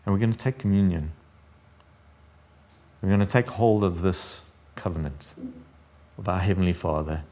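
A man's voice: low-pitched, fairly even intonation, moderate pace, long pauses, warm tone. A man preaching a sermon as pastor, earnest and intimate, often dropping his voice almost to a whisper.

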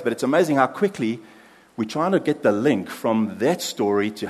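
A man preaching a sermon as pastor, earnest, dropping soft for prayers and building emphasis in lists. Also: mid-range voice, lively intonation, moderate pace, breathy edge, in a large hall.

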